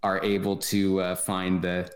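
Low-voiced man, reflective and halting. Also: completely flat delivery. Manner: thoughtful, halting, many restarts. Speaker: running club president, guest. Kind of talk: casual podcast interview. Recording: roomy echo.

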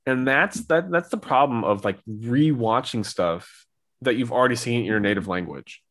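A man's voice: medium pitch, animated, normal speed, fairly bright tone. A young man co-hosting a podcast, talking casually and rambling with lots of filler words. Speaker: podcast co-host. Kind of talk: casual chat.

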